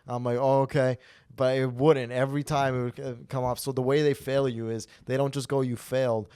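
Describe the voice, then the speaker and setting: A young man in mid-pitch tells a comedy story casually, swearing freely and building to loud rants. The sound is dry and close, with no room echo. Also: brisk, smooth. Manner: animated, profane, gets loud when ranting. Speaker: podcast host.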